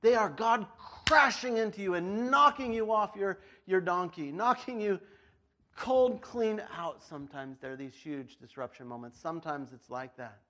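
A man's voice: high-pitched, normal speed, bright, forceful tone. A male pastor giving a casual, chatty sermon, telling the story with frequent laughs and acted-out voices. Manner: chatty, laughs often, lots of "like".

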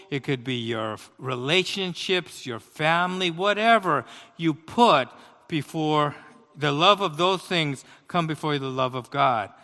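A man preaching a sermon, telling a personal story with big swings between loud outbursts and quiet asides. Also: a little high, long reverb tail.

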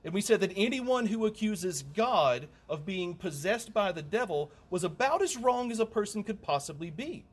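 A man's voice: sits high, expressive, normal speed, hardly any pauses, breathy edge. A man preaching a sermon in a conversational way, with humorous asides and emphatic repetition.

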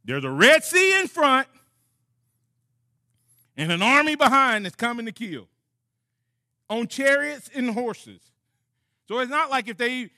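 A man preaching a sermon in a high, bright voice. He acts out conversations between God and his listeners with lively emphasis. His delivery is animated and direct. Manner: animated preaching that drops to a soft closing prayer. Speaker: pastor.

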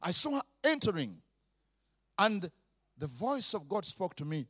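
A middle-aged man delivers a playful, animated sermon, acting out noises and laughing between points. His voice sits high and leaps all over the place. The sound is dry and close. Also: dry recording. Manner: animated, mimics sounds, laughs often, drawn-out repetitions. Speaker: preacher. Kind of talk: lively sermon.

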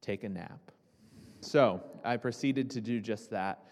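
A man's voice: lowish voice, measured pace, darkish tone. A young man preaching a sermon to a congregation, talking casually with restarts and asides. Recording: reverberant hall.

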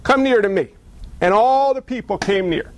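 High-voiced preacher telling a story. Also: male voice, moderate pace. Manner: storytelling, acts out characters with mocking voices. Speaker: pastor. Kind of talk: sermon.

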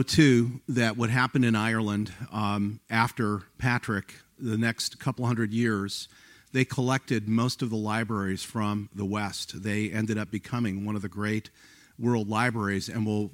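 Man, pastor, low voice, earnest sermon, dry close sound. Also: dry recording. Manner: earnest, exhorting the congregation.

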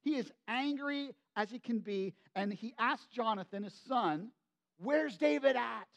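Male pastor, conversational sermon delivery, animated storyteller. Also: high voice, a little slow. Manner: animated storytelling with many asides.

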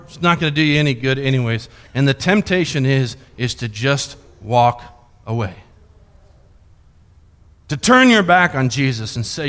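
A man preaching a sermon, dramatically voicing a grieving father's imagined thoughts and swinging between pleading and hushed tones. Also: medium pitch, lively intonation, moderate pace. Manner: dramatic, voices imagined inner thoughts with rising intensity. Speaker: pastor.

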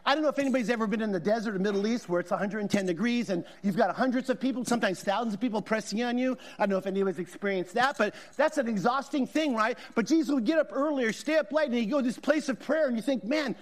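A middle-aged man preaching as a guest pastor, his voice set unusually high. He talks in a loose, conversational way, telling stories and stacking up repeated phrases for emphasis. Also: fast talker, few pauses. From Southern California. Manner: conversational, storytelling, emphatic repetition. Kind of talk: sermon.

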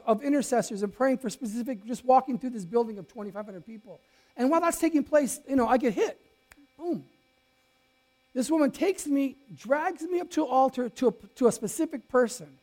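A man with a high voice preaches a sermon as a pastor, sharing a personal story. His volume swings lively from loud to quiet, and he frequently restarts his sentences.

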